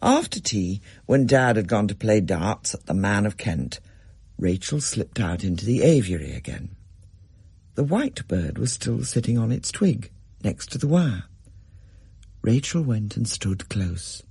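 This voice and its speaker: A man reading a children's story aloud in a measured, expressive way. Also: lowish voice, dry recording. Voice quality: husky, gravelly. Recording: dry close recording.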